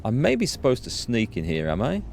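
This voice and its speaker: A man's voice: mid-range voice, wildly swooping pitch, brisk, vocal fry, faint music behind. A man hosting a let's play, chatting and laughing through his commentary. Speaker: gaming video host.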